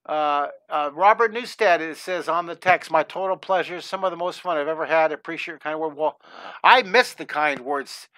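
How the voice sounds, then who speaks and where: A middle-aged man hosts a live-streamed drawing lesson, chatting eagerly and rambling as he sketches. His voice is fairly high and bright with an edge of tension. The sound is dry and close, with no room echo. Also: normal speed. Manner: enthusiastic, gushing, talks while drawing, many restarts.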